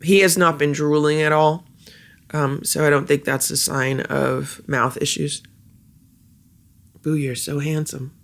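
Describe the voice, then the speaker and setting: Home cat vlogger with a fry-heavy voice, chatty and halting, cooing gently at the cats. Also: mid-range voice, little pitch movement. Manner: chatty, halting with many fillers; soft baby talk to cats. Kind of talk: casual vlog chat.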